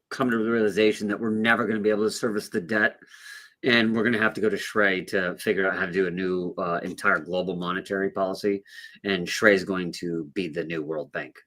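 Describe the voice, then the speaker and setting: A man's voice: fairly low pitch, pushed and bright. A man co-hosting a casual crypto livestream, rambling and joking with plenty of fillers. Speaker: co-host on a livestream.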